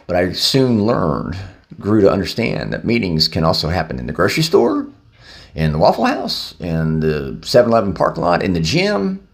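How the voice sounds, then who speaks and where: A low-voiced man talking casually to his own camera about recovery. His pitch rises and falls widely as he tells the story. He speaks loosely, with plenty of "uh" and "um". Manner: conversational, loose, with many fillers. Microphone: handheld camera.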